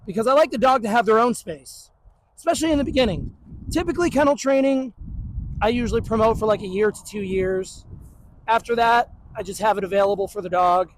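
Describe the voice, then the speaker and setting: A man's voice: sits high, a little fast, a little hiss or hum, poor audio. A man who trains dogs, explaining in a blunt, joking, casual way. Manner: blunt and joking, puts on the dog's voice. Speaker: dog trainer. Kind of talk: casual teaching talk.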